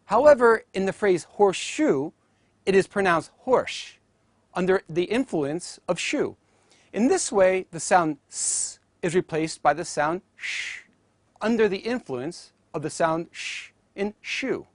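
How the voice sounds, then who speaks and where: Deliberate, lively-pitched phonetics teacher narrating. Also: no echo. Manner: careful, deliberate delivery with sounds spoken out as models. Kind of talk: scripted educational narration.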